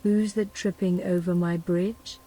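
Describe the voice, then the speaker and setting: A woman voicing a greedy, hulking male troll from a storybook in soft whispered role-play, slow and hushed. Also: fairly low pitch, fairly even intonation. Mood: greedy menace.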